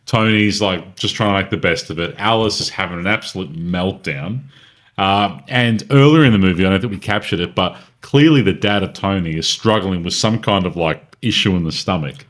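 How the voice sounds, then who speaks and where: A man's voice: low voice, moderate pace. A man in casual podcast chat, animatedly recapping a film for his co-hosts. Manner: animated, takes over the story. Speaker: podcast co-host.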